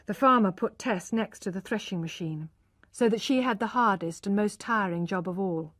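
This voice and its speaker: A woman's voice: mid-range voice, dry recording. Give me a woman reading a learner audiobook steadily, with a dry close sound. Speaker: narrator. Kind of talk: scripted audiobook narration for learners.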